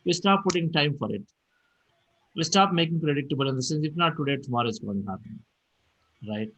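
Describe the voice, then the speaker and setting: A man hosting a meditation group on a video call, calm and reassuring as he answers a participant's question. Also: fairly high pitch, fairly quick, poor audio. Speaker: meditation teacher and host.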